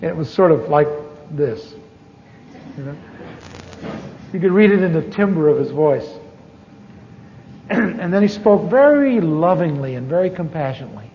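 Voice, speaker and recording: A man's voice: fairly high pitch, animated, normal speed, pauses often, slight background noise. A middle-aged man preaching a personal testimony, candid and storytelling, with wry asides. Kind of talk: testimony sermon. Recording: dull archive recording with long hall reverb.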